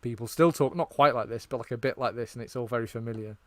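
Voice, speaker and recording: A British man co-hosting a podcast, chatting casually and retelling scenes with lively bursts. His voice is close and dry on the mic, at an ordinary pitch for a man. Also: fast, no echo. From Britain. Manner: animated storyteller, quotes film lines and laughs at them. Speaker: podcast co-host.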